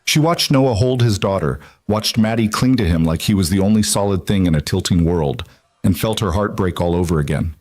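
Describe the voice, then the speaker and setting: A man giving scripted narration of a story in an even, measured way. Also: low-pitched, no echo, clean studio sound.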